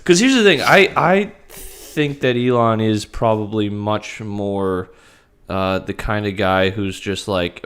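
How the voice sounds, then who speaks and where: A man with a fairly low voice co-hosts a casual live podcast. He rambles through his points with plenty of fillers and restarts, and laughs often. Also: takes it slowly, a bit bright, smooth. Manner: laughing, meandering, filler-heavy. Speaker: podcast co-host.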